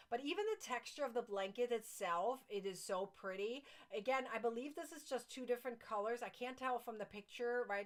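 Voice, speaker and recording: Non-native English speaking woman, crochet livestream host. Gushy, excitable, giggly. High voice. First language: not English. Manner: gushing, excitable, laughs often. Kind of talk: casual chat reading viewer comments.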